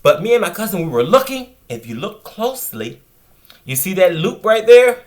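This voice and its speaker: A man hosts a casual gardening vlog from a table of seedlings indoors. His voice sits a little high, and he talks with chatty enthusiasm, often turning to speak straight to his viewers. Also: very animated, moderate pace. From Virginia, USA. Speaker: gardening channel host. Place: indoors at a table of seedlings under grow lights.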